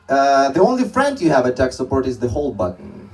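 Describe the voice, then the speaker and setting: A man's voice: mid-range voice, far from the mic, background noise. A young man doing a stand-up comedy set on a club stage, telling rambling stories with many restarts.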